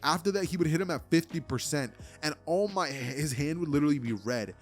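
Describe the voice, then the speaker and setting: Casual male storyteller, rambling and filler-heavy, slightly high voice. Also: brisk, faint music behind. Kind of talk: casual fan-story narration.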